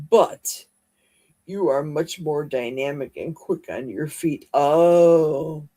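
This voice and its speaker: Her voice sits low and mellow, and she takes it slowly as she hosts a casual livestream from home. Chatty and exclamatory, she reads her viewers' comments aloud.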